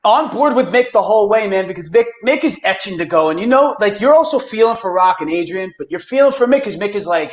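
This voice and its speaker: Excitable high-voiced podcast host. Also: male voice, quick pace, few pauses, echoey room. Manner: excitable, swearing, acts out movie lines. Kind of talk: casual movie review chat.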